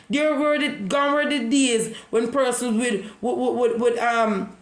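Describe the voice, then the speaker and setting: A woman's voice: a little high, fairly even intonation, a little slow. Jamaican woman vlogger, repeats herself as she preaches, recorded in a room with echo. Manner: repetitive, preachy storytelling. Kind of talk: casual monologue.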